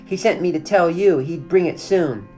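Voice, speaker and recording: Woman doing a loud, defiant young girl. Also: moderate pace, soft background music, lightly acted. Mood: pleading. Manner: loud, high and spirited. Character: defiant young girl, bold and quick-witted.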